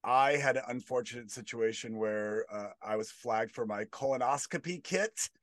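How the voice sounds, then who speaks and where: A man performing a stand-up comedy bit, deadpan with rambling asides. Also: mid-range voice, moderate pace, no room sound.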